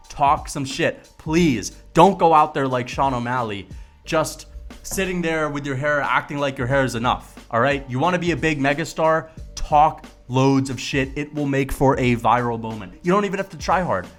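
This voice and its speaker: A man ranting to camera about fighters, casual and profane, with emphatic, animated delivery. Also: a little high. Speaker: MMA commentary vlogger. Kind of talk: casual opinion rant to camera.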